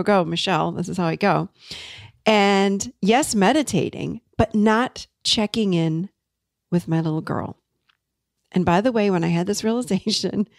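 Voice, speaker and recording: A woman host telling a personal story in an earnest, confessional way, dropping softer when she recounts tender moments. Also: lowish voice, creaky, dry recording, studio quality. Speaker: podcast host and coach.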